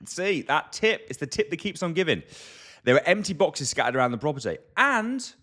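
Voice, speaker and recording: A man's voice: fairly high pitch, expressive, fairly quick, fairly bright tone. A man co-hosting a podcast, chatting loosely and without a script. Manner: conversational, loose and unscripted. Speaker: podcast co-host. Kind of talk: casual chat.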